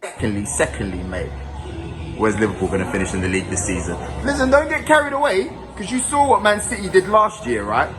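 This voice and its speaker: Man, chirpy and matey, lively pitch, music behind. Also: brisk, low-quality recording. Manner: chirpy, matey, lots of "bro" and "mate". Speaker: guest asking a question.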